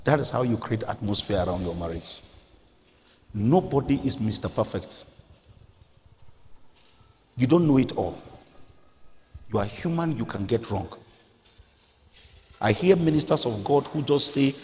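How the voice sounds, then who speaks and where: A middle-aged male pastor with a Nigerian accent preaching a sermon in a church, swinging between quiet, earnest passages and loud, emphatic rises. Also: mid-range voice, expressive, normal speed, pauses often. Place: church hall. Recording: reverberant church hall.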